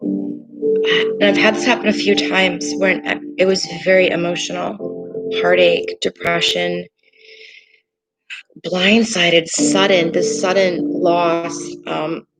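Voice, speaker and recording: A woman giving a tarot reading, speaking in a halting, hesitant way with many pauses and fillers. She sounds earnest and emotional as she talks through the cards. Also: lowish voice, level tone, poor audio. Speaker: tarot reader. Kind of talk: tarot card reading to camera. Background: soft meditation music.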